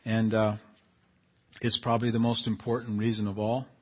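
A man's voice: lowish voice, completely flat delivery, normal speed, a little mellow, breathy edge. A male pastor preaching a sermon in a conversational way, reading scripture aloud and rising in intensity as he reads.

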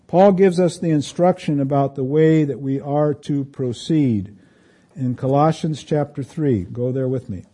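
Mellow-voiced man preaching a sermon. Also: measured pace. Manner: conversational preaching, reads scripture aloud, rises in pitch for emphasis. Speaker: pastor.

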